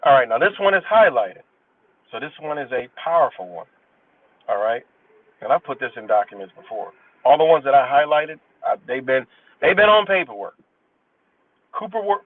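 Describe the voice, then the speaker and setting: A man's voice: a little high, no room sound. Profane man ranting over a tinny line. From New York State. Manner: blunt, profane, reads case citations haltingly then rants. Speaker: livestream host. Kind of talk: reading aloud and commenting on a livestream. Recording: tinny phone-like sound, distant from the mic, dry.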